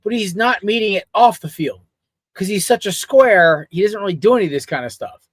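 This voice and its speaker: High voiced dude guesting on a sports pod, giggly and rambly, dry close sound. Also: male voice, expressive, brisk, husky, no echo. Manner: rambling, giggly, lots of fillers. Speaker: podcast guest. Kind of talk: casual sports talk.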